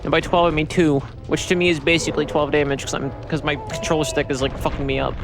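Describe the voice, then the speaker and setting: A man's voice: on the high side, little pitch movement, quick pace, vocal fry, music in the background. A man streaming a video game in casual chat, swearing freely and rambling with restarts, tired from poor sleep.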